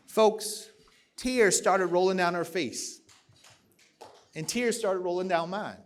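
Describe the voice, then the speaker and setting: A man's voice: high voice, takes it slowly, long pauses. A man from South Carolina, giving a political keynote speech at a podium microphone, moving from folksy storytelling to rousing, emphatic oratory. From South Carolina, USA. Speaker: keynote speaker at a party dinner. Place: large banquet hall, at a podium.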